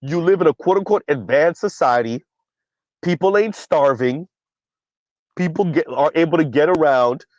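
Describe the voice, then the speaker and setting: A man's voice: fairly high pitch, moderate pace, a little mellow, no echo, muffled recording. A man hosting a casual commentary stream who reads viewer comments aloud, keeps asking "right?", and has a dry cough. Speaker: commentary channel host.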